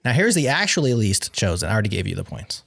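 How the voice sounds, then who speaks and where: A man's voice: fairly low pitch, big pitch swings, fast talker, creaky, a bit bright. A man hosting a podcast game show, reading out survey results in a playful, wry way.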